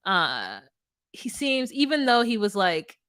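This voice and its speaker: A woman's voice: mid-range voice, huge pitch swings, takes it slowly, fairly bright tone, clear, resonant tone, no echo, studio quality. A woman co-hosting a podcast in casual chat, laughing often and rambling through her thoughts with many restarts. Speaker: podcast co-host. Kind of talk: casual chat recapping a reality show.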